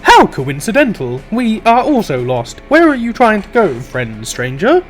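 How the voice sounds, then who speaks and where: A man voicing an earnest, literal-minded male robot who speaks slowly, formally and stiffly. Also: sits high, huge pitch swings, faint music behind, voice pushed up, heavily acted.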